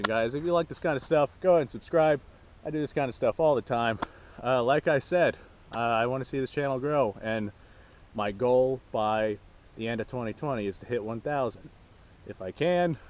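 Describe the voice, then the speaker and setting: Man, casual vlog chat, rambling, foul-mouthed, mid-pitched voice, outdoors at a range. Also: slight background noise. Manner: laid-back, rambling, swears freely. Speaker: firearms channel host.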